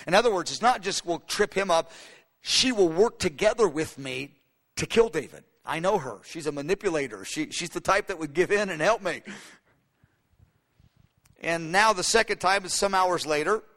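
A man preaching a sermon as pastor, animated, acting out the voices of Bible figures. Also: on the high side, moderate pace. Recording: long hall reverb.

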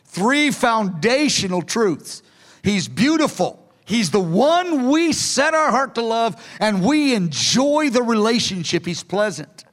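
A man's voice: very high voice, sing-song, slow pace, a bit bright. A man preaching a sermon in an earnest, pleading way, sometimes acting out quoted lines. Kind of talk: sermon teaching from notes.

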